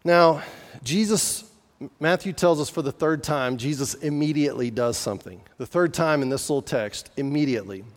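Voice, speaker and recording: A man's voice: on the high side, normal speed, in a large hall. A man preaching a sermon in an earnest, conversational way, often asking the listeners questions. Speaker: pastor.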